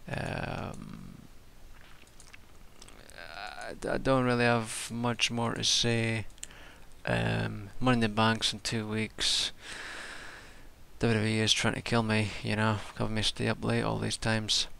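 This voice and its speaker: A man's voice: lowish voice, level tone, measured pace, gravelly, sharp tone, clean tone. A tired man rambling casually through a wrestling show review, swearing and restarting his sentences. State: tired from staying up all night.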